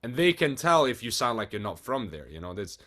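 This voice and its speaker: A man's voice: mid-range voice, big pitch swings, brisk, a bit bright. A man hosting an interview, adding short agreeing interjections. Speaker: podcast host. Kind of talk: interview conversation.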